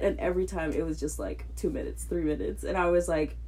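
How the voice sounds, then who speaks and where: A woman's voice: on the low side, sing-song, fast, a little mellow. A young woman co-hosting a podcast, telling a story in casual chat, swearing freely and laughing often. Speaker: podcast co-host.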